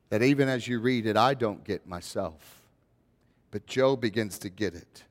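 A man's voice: mid-range voice, long reverb tail. A male pastor preaching a sermon in a conversational way, building to rising, emphatic questions.

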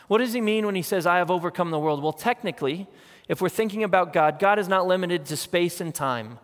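A man's voice: high-pitched, brisk. A man preaching a sermon as pastor, talking earnestly and conversationally and pressing his points through repetition. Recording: long hall reverb.

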